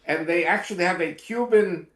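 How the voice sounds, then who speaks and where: A man's voice: sits high, moderate pace, fairly bright tone, reverberant. A man from Israel, a guest in a casual interview, talking earnestly with wry asides and hesitant fillers.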